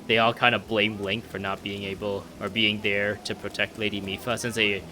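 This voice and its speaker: A man's voice: on the low side, little pitch movement, moderate pace, noisy background. A young man casually chatting while he plays a video game, laughing and joking about himself. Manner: chatty, laughing, self-deprecating. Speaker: gaming video host. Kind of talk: casual gameplay commentary.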